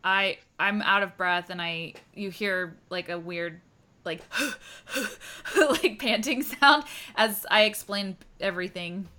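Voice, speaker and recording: A woman's voice: medium pitch, a little slow, sharp tone, smooth. A woman playing a tabletop game, thinking aloud in a hesitant, casual way. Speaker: player.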